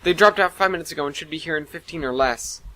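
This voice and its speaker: A man's voice: on the high side, bright, forceful tone, pitched above the performer's own voice, rough recording. A man voicing a stressed female sensor officer reporting in a hurry. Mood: tense. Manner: hurried, tense.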